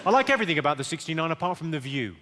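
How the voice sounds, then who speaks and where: A male stand-up comedian, delivering deadpan one-liners with quick asides to a live audience. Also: fairly high pitch, in a large hall, heavy background noise. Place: large theatre stage with audience. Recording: live theatre recording, loud audience. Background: loud audience laughter.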